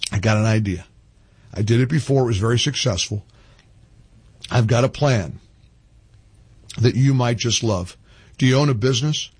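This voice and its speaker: Impassioned older radio host, husky. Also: male voice, dry recording. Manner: impassioned, climbs high when ranting, repeats phrases. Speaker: radio talk show host. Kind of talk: talk radio monologue.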